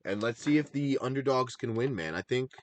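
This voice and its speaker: A man's voice: mid-range voice, expressive, brisk, no room sound. A man co-hosting a casual recap show, chatting about his picks in a rambling, enthusiastic way and drifting into tangents. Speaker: podcast co-host.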